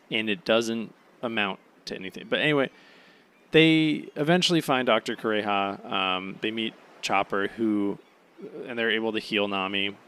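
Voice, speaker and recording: A sleepy, yawning man hosting a podcast, rambling through a casual solo recap with lots of "um"s and swearing, now and then bursting into high, excited gushing. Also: clean tone. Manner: rambling, offhand, peppered with swearing and "um"s. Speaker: podcast host.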